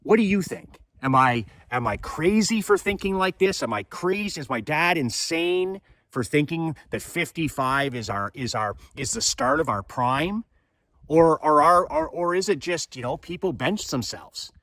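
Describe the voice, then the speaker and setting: A man's voice: on the high side, lively intonation, unhurried, a bit bright, dry recording. Fervent fifty-something man, dry sound. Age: 50s. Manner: fervent, rhetorical questions, repeats phrases. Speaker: motivational speaker. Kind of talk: motivational monologue.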